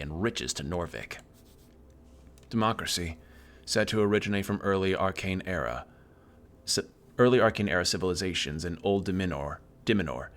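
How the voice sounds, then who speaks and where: A man streaming a game, reading its text aloud evenly, with sudden loud outbursts. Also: low voice.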